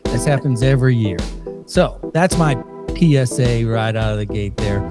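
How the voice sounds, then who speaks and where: A man's voice: medium pitch, expressive, moderate pace, over music. A man hosting a podcast, opening the episode in a chatty, loose way with plenty of fillers. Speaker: podcast host. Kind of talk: casual podcast intro. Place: indoors, recorded in Saint Louis.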